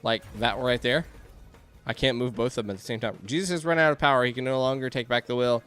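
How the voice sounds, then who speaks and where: A man giving excitable let's-play commentary, yelping and laughing as things go wrong on screen. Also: medium pitch, fast, smooth, soft background music. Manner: excitable, yelps and laughs at chaos. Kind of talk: game commentary.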